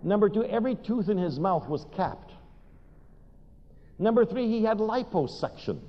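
An older man preaching a sermon, telling funny stories in an animated way and putting questions to his listeners. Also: high voice, moderate pace. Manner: animated storytelling, asks the audience questions. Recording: dull recording in a long-reverb hall.

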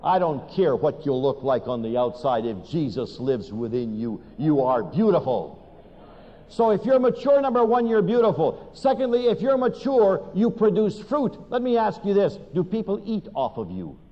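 An older man delivers a sermon full of stories and questions to the congregation. His fairly high voice swings widely in pitch as he tells it. The sound is dull and carries the long reverb of a large hall. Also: normal speed. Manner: animated storytelling, asks the audience questions. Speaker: preacher.

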